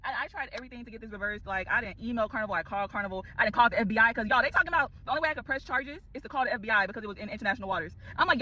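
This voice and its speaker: A woman telling a story to the camera in animated casual chat, calling out to viewers. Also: a little high, rapid-fire, few pauses, poor audio. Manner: animated, exclaiming, addresses viewers as y'all.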